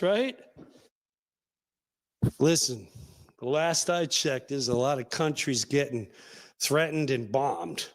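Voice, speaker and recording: A man hosting an online talk show, giving loud, emphatic political commentary and acting out little scenes as he goes. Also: on the high side. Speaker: show host.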